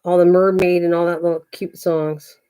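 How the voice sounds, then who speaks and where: A woman's voice: fairly low pitch, flat delivery, normal speed, dark tone, clean tone. An older woman hosting a craft livestream, chatting casually, thinking aloud and greeting viewers by name as she works. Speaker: craft channel host.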